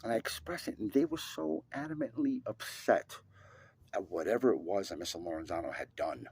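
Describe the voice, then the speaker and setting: A man telling a personal story in an emphatic, profane way, swinging between loud and hushed. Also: fairly low pitch, lively intonation, a little fast, slightly rough, dry recording.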